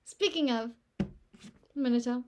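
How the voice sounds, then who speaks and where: Woman co-host, high voice, chatty casual retelling. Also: measured pace, a little mellow, a little hiss or hum. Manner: chatty, acts out quotes in retelling. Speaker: podcast co-host. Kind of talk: casual chat.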